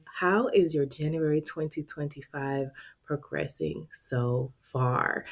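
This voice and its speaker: A woman hosting a casual budgeting vlog, talking straight to her viewers in an expressive, chatty way. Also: low voice, takes it slowly, soft background music. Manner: expressive, talks straight to viewers with lots of "y'all". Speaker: budgeting vlogger and channel host.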